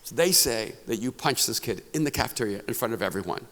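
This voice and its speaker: Pastor preaching in a reverberant hall. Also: male voice, mid-range voice, quick pace. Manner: animated storyteller, laughing at his own anecdote. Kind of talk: storytelling sermon. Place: conference hall.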